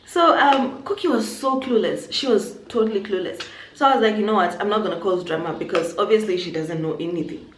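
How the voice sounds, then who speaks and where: A young woman from Zimbabwe telling a personal story on her vlog, animated and acting out what people said. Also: medium pitch, a little fast, hardly any pauses. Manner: animated storytelling, acts out quotes. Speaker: YouTuber. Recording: echoey room, faint noise.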